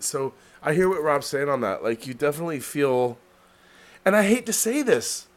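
A man's voice: a little high, expressive, brisk. A man hosting a casual podcast chat, rambling and heavy on fillers as he tells stories. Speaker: podcast host. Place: New York City.

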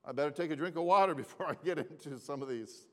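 A man's voice: on the high side, quick pace, a bit bright. An older man telling a humorous personal story to a gathering, often repeating his phrases and asking the audience to answer back. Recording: long reverb of a large hall.

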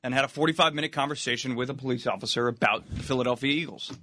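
Bright, terse radio co-host man. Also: mid-range voice, very fast. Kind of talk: casual chat. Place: radio studio.

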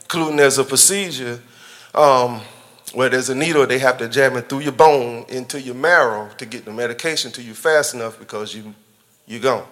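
A man gives a personal testimony in a bright, forceful voice. He talks in a casual, conversational way, chuckling often and speaking directly to his church family. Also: medium pitch, moderate pace. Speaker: church member giving a testimony.

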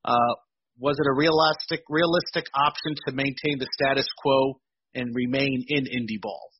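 A man's voice: medium pitch, steady tone, normal speed, muffled recording, background noise. A man co-hosting a radio show, easygoing and a little hesitant. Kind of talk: casual radio chat.

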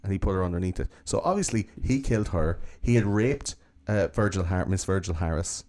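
A man's voice: low-pitched, brisk, a little mellow. A man hosting a podcast, telling a true-crime story in a casual, profane, joking way. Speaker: podcast host.

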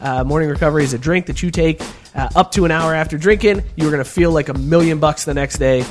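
A fairly high-voiced man co-hosting a casual chat show, talkative and quick with jokes. He moves between loose banter and sponsor reads, with faint music behind him. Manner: talkative, joking, fast-shifting banter. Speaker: podcast co-host.

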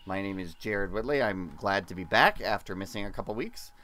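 A man's voice: fairly low pitch, lively intonation, a little fast, sharp tone. A man hosting a casual podcast chat, upbeat and leading the discussion. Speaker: podcast host.

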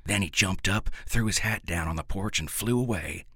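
Deep, husky folksy story narrator, male. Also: moderate pace, pushed and bright, no echo, studio quality. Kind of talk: first-person story reading in rural dialect.

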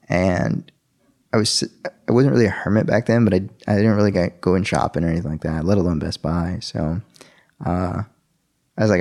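A man casually telling a personal story and acting out the dialogue with big jumps in his voice. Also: a little fast. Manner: animated, acts out quoted dialogue with sharp pitch jumps.

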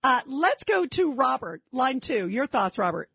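Husky-voiced indignant female talk radio host. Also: high voice, sing-song, measured pace, fairly bright tone, no room sound. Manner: indignant, emphatic.

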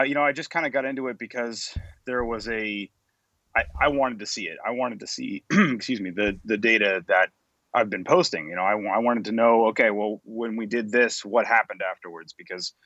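A man's voice: fairly low pitch, normal speed, fairly bright tone, no room sound, dull audio. A man being interviewed as a guest researcher, answering casually and hesitantly. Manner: hesitant, casual, with many restarts.

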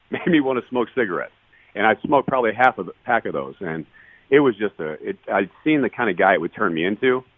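A man's voice: on the low side, dry recording. A man in his forties, a retired ballplayer guesting on a podcast, telling his story bluntly and earnestly with plenty of swearing. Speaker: guest, retired baseball player. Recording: dry, tinny phone-line sound.

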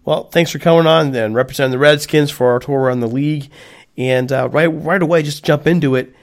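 A man hosting a casual sports podcast, rushing along at a brisk clip. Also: fairly high pitch. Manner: brisk, rushes through reads. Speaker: podcast host.

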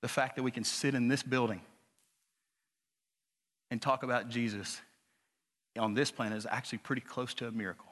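Pastor guy preaching in a church, goes from soft to loud and high, big hall reverb. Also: steady tone, fairly quick, long pauses. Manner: builds from low, quiet talk to loud, high-pitched preaching. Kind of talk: sermon. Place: church sanctuary.

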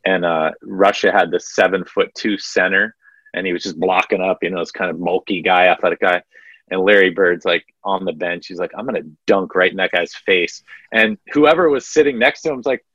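Low-voiced man telling sports stories. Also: fairly quick, breathy edge, no room sound, dull audio. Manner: storytelling, animated retelling of anecdotes. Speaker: podcast co-host. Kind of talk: casual sports podcast chat.

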